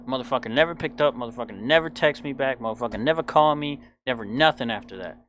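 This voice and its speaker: A man's voice: medium pitch, fast, few pauses, fairly bright tone. A young man in his twenties telling a personal story in a casual, blunt, profane way. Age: 20s. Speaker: podcast host.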